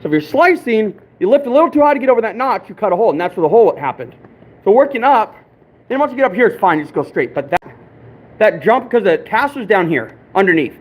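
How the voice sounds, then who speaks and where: Here a fur trapper speaks fast in a voice that sits high and swings widely in pitch. Frustrated and self-deprecating, he swears often and mutters at himself while casually chatting to viewers as he works on a live-stream demonstration. It's recorded in an echoey room with a distant mic and noise in the background.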